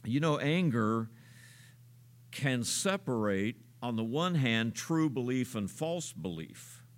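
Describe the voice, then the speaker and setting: Pastor guy preaching, middle pitch, slow with lots of uh's and questions. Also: sing-song. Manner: unhurried preaching with frequent "uh" fillers and rhetorical questions. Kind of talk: sermon.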